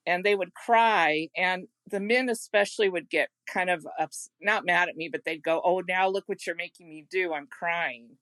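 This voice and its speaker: A middle-aged woman, a home care consultant, telling personal stories in a podcast interview in an earnest, gentle way. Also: fairly low pitch, dry recording. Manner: earnest and gentle, with frequent restarts.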